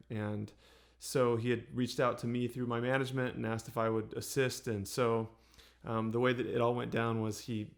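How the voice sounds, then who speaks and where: A singer-songwriter chatting in a relaxed, unhurried way, with many pauses and fillers. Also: male voice, mid-range voice, vocal fry. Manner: soft, unhurried, with many ums and restarts. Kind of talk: relaxed storytelling between songs.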